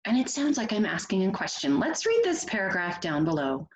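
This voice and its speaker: Animated woman teacher reading to kids. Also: mid-range voice, a little fast, slight background noise, poor audio. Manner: encouraging, asks children questions, expressive. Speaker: first grade teacher. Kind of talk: read-aloud reading lesson for children.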